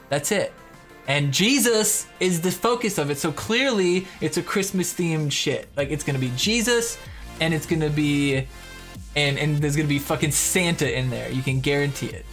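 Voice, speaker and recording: A man whose voice is going hoarse, hosting a mobile game update stream in a loose, profane, joking way. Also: on the high side, a bit bright. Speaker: mobile game YouTuber and host. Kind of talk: casual streaming commentary, reading viewer comments.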